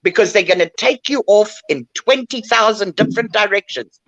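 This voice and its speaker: A woman's voice: mid-range voice, normal speed, no echo. An older woman talking bluntly and emotionally in a casual chat, calling in to a show. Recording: dull lo-fi line.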